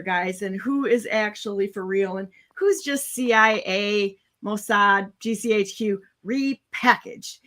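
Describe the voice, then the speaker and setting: A woman's voice: medium pitch, unhurried, few pauses, a bit bright. A woman hosting a casual talk show, talking bluntly and cynically in long, rambling runs. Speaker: show host.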